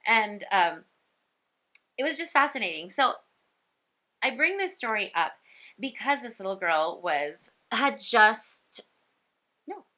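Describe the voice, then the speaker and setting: A woman speech pathologist telling a story from her work in a casual, animated way. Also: a little high, takes it slowly, pauses often.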